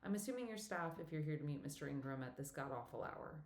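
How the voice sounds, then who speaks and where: A woman voicing a friendly older woman who works a theater box office, with a brisk, teasing, motherly manner, read in a room with some echo. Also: sits low, lively intonation, a little mellow. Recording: roomy echo.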